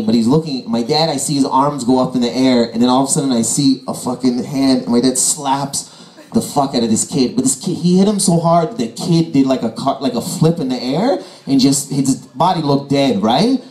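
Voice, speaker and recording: A man's voice: medium pitch, moderate pace, darkish tone. A young man doing a stand-up comedy set, acting out his immigrant father's lines in a put-on voice. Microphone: handheld stage mic, phone-recorded. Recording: echoey club room.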